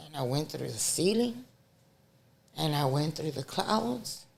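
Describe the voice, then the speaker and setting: Middle-aged woman, podcast guest, slow and gravelly, animated storyteller. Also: sits low, slight background noise. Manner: animated, dramatic retelling. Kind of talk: storytelling in casual chat.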